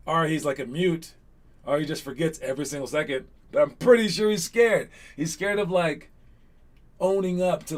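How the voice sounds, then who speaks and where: A young man talks to a group of young players in a loose, energetic way, circling back to check they are with him. His voice sits a little high for a man. He moves from pep talk to hosting trivia without ever sounding scripted. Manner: energetic, rambling, repeats "all right?". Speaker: basketball coach hosting an online session.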